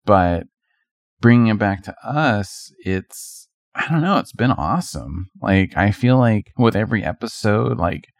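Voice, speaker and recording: A man's voice: lowish voice, expressive, measured pace, vocal fry, dry recording, clean studio sound. A man co-hosting a podcast in casual chat, talking hesitantly as he searches for words. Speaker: podcast co-host.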